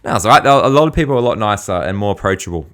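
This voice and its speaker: A man's voice: lowish voice, animated, very fast, fairly bright tone. An Australian man co-hosting a podcast, telling rambling stories in casual slang, full of fillers. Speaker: podcast co-host.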